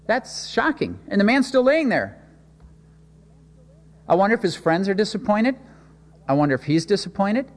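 A man preaching a sermon, telling a scripture story with dramatic swings between loud and soft. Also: sits high, moderate pace, pauses often. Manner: expressive storytelling with sudden swings in loudness. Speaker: pastor. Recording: long hall reverb.

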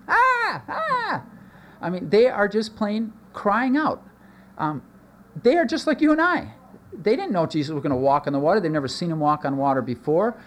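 A man preaching a conversational sermon, animated, with asides and sudden jumps in pitch. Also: slight background noise. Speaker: pastor. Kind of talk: expository sermon.

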